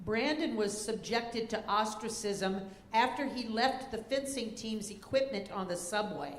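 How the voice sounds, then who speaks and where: A woman serving as a spelling bee pronouncer, reading words and definitions deliberately, spelling letters out slowly, and giving stage directions to contestants. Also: fairly high pitch. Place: school auditorium. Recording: echoey auditorium with faint noise.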